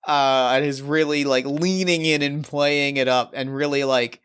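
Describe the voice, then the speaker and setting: Smooth-voiced chatty man playing a game. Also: mid-range voice, fairly even intonation, moderate pace, fairly bright tone. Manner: chatty, enthusiastic, rambling. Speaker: player. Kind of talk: tabletop game play, casual.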